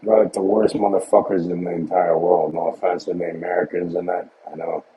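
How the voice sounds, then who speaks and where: A man's voice: low voice, level tone, fairly quick, a little hiss or hum. A man chatting casually, joking and swearing in loose banter. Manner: swearing, joking, laid-back. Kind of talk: casual chat. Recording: dull lo-fi mic.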